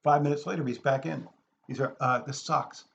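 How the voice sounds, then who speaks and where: A man telling a personal anecdote in a lively way, acting out the people in it. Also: mid-range voice, normal speed, vocal fry, highs cut off, slight background noise. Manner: animated, acts out the people in his story. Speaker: storyteller. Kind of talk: anecdote told aloud.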